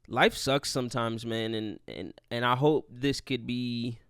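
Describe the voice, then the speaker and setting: A man's voice: medium pitch, fairly even intonation, unhurried, a bit bright, clear, resonant tone, no room sound, clean studio sound. A young man hosting a casual solo podcast, rambling and profane, joking at his own expense. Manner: profane, rambling, self-deprecating. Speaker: podcast host.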